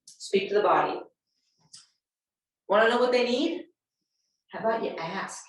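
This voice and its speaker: A woman's voice: mid-range voice, a little slow, long pauses. A woman presenting a teaching workshop for educators, speaking directly and acting out sample conversations with students. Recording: very echoey room, voice distant from mic.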